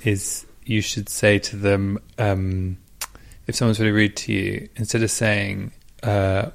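A man's voice: on the low side, flat delivery, a little slow, vocal fry. A man hosting a casual conversation, thoughtful and asking questions.

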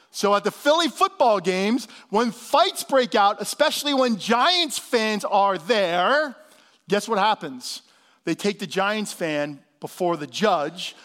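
A man in his fifties preaching a sermon in a fairly high voice. He talks to his congregation like they're friends, calls out for an amen, and sometimes sinks to a near whisper for emphasis. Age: 50s. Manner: animated preaching, drops to soft hushed tones for emphasis. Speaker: pastor.

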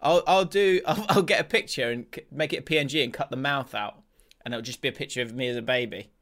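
Brief: male podcast co-host, chatty, laughs a lot, mid-pitched. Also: fast, a bit bright. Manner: chatty, laughs often, trails off and restarts. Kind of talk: casual football podcast chat.

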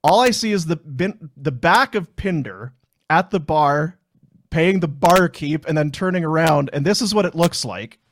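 A Canadian man co-hosting a sports podcast, telling stories with frequent laughs and trailing off softly, and also reading a live ad. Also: fairly high pitch, lively intonation, moderate pace, no echo. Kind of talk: casual chat and live ad read. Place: small podcast studio. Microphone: studio mic.

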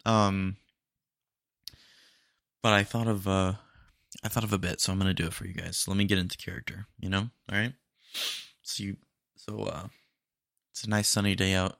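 A man's voice: low voice, level tone, normal speed, gravelly, long pauses, a bit bright, no echo, clean studio sound. A young man hosting a solo podcast, talking in a laid-back, rambling, jokey way. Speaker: podcast host. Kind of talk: solo casual podcast talk.

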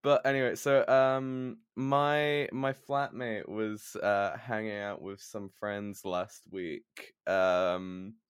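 A man's voice: fairly low pitch, steady tone, slow, few pauses, smooth, no room sound, studio quality. A man co-hosting a podcast, telling a story in casual chat, rambling with lots of fillers and restarts. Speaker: podcast co-host. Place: shared student flat.

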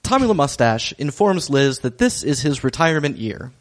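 A podcast co-host who recaps the plot in a slow, hesitant, dry way, with pauses and fillers. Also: mid-range voice, big pitch swings. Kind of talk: casual recap.

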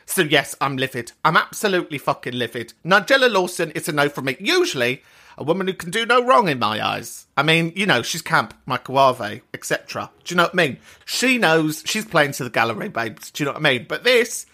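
Woman, podcast host, swearing rant, lively swooping pitch, lowish voice. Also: brisk. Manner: animated, sweary, outraged rant. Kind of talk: casual ranting chat.

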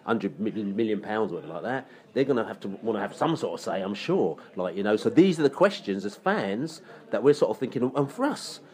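A man's voice: fairly low pitch, sing-song, a little fast, darkish tone. A man talking casually on a football fan podcast, rambling and full of "you know". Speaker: podcast co-host. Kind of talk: casual pub podcast chat.

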